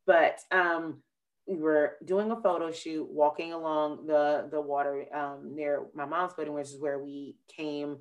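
A woman hosting a podcast, chatting casually and telling a rambling, animated story with acted-out quotes. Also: low-pitched, measured pace, highs cut off. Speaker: podcast host. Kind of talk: casual chat.

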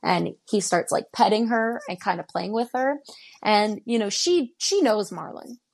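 A woman's voice: medium pitch, unhurried, gravelly. A woman in her twenties from Denver, a podcast guest recounting a personal story in present tense and acting out what people said. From Denver, Colorado. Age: 20s. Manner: tells events in present tense, acting out dialogue.

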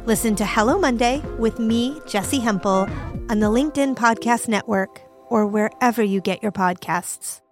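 A woman's voice: fairly high pitch, moderate pace, faint music behind. A woman hosting a podcast who reads a scripted promo for her show. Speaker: podcast host reading a promo.

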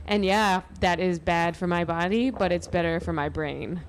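Low-voiced young woman, supportive chat. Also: moderate pace, slight background noise. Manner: supportive, frequent short agreements. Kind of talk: casual chat.

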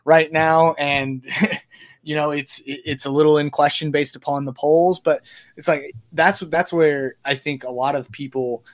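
A man with a somewhat high voice speaks casually and thinks aloud as he goes. He rambles a bit and often restarts his phrases. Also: fairly even intonation, a little slow. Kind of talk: casual conversation.

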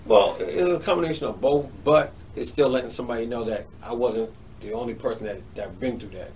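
A man's voice: mid-range voice, a little fast, darkish tone. A man being interviewed as a comedian, talking casually, repeating himself and agreeing eagerly. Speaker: comedian guest. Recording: distant mic, faint background noise.

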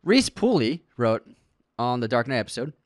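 A man's voice: mid-range voice, big pitch swings, normal speed, no room sound, clean studio sound. A man co-hosting a casual film podcast, reading listener comments aloud and laughing often. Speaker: podcast co-host.

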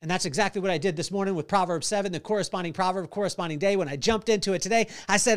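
Middle-aged male podcast host, lively storyteller who acts out voices; high, smooth tone. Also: fast. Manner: animated storyteller acting out voices and singing. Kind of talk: storytelling devotional talk.

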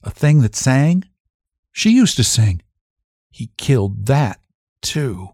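A male reader voicing a grieving, plainspoken middle-aged farm wife in a raised falsetto. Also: sing-song, slow, darkish tone, no echo, clean studio sound, heavily acted. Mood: bitter. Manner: raised falsetto, cries out in grief.

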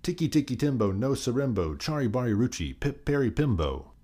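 A man voicing a small boy who yells for help in a breathless hurry. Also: mid-range voice, big pitch swings, measured pace, slightly rough, pitched above the performer's own voice. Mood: shouting. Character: frantic little boy, the younger brother.

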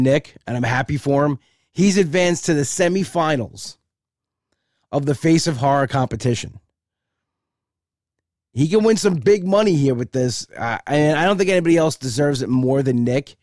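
Hoarse, congested man hosting a podcast. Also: medium pitch, mellow, dry recording, studio quality. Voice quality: gravelly. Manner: rambling, repeats words when starting sentences. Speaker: podcast host. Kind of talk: casual solo podcast talk.

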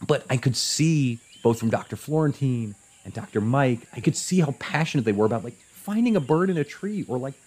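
A man guest on a podcast, telling a personal story in a casual, animated way, acting out his parents' voices. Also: medium pitch, a little fast, hardly any pauses, slightly rough.

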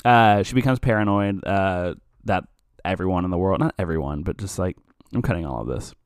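A man reviews a film for a podcast in a casual, rambling way, cursing often and cutting himself off mid-sentence. His low voice moves fairly quickly and sounds smooth, with studio-quality audio and no room sound.

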